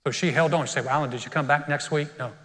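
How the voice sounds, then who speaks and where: A man's voice: fairly high pitch, racing, a bit bright. A middle-aged man preaching a sermon, telling a personal story and getting choked up with emotion. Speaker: pastor. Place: church sanctuary. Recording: long reverb of a church hall.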